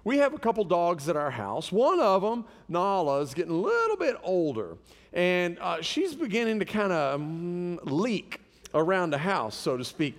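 Male pastor, high lively voice, joking storyteller, big echoey church hall. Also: moderate pace. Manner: animated storytelling with humor. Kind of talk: sermon.

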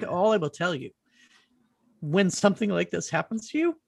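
A middle-aged woman hosting a podcast, telling an animated, rambling story in casual chat and swearing freely. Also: mid-range voice, brisk, no room sound, clean studio sound.

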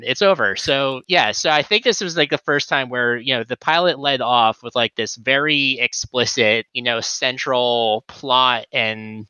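Guy rambling on a podcast, really bright smooth voice, kinda dull dry sound. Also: medium pitch, no room sound. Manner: rambling, many fillers and restarts. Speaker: podcast co-host. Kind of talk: casual chat.

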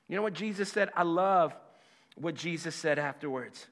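A man in his fifties preaching a sermon, emphatic and impassioned, then dropping to a hushed voice for a personal story. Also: a little high, normal speed. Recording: long hall reverb.

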